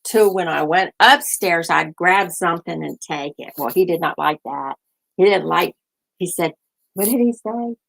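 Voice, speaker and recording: A woman's voice: fairly low pitch, normal speed, creaky, fairly bright tone, low-quality recording. An older woman hosting a casual chat, telling family stories in a chatty way, laughing often and acting out what her family said. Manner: chatty storytelling, laughs often, acts out family members' lines. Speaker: host.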